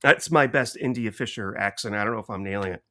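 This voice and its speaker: A middle-aged man co-hosting a podcast, telling stories in an animated way and laughing often. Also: fairly low pitch, fast. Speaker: podcast co-host. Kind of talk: casual podcast chat.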